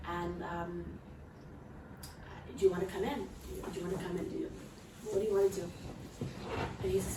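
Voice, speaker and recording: A woman's voice: mid-range voice, steady tone, normal speed, pauses often. Woman telling a heartfelt story in a roomy space. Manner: earnest, heartfelt, frequent restarts and asides to listeners. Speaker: mother sharing a testimony. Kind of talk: emotional personal storytelling. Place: room with a small gathered group. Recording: roomy, distant mic with faint background noise.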